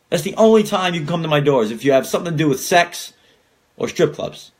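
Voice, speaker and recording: A man's voice: high-pitched, fast. A young man hosting a podcast, ranting casually and swearing a lot as he gets worked up. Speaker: podcast host.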